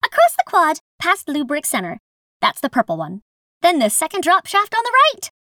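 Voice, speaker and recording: A woman's voice: high-pitched, huge pitch swings, moderate pace, a bit bright, no room sound, studio quality, voice pushed up, exaggerated voice. A woman voicing a chirpy, cheerful young campus greeter who is eager to help, in an audiobook.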